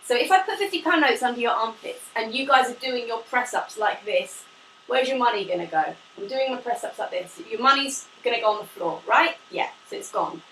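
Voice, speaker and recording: Woman pilates teacher, high bright voice, echoey room off-mic, faint hiss, upbeat and short of breath. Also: lively intonation, brisk, distant mic. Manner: upbeat, demonstrating while talking, laughs often. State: slightly out of breath from exercising. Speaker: pilates instructor. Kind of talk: live online fitness class instruction.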